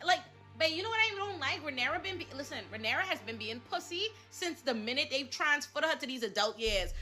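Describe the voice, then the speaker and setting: Woman, very high and bright voice, heated profane rant reacting to a show. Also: lively intonation, fairly quick, hardly any pauses, soft background music. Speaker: pop culture commentator. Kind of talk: recorded live reaction to a TV episode.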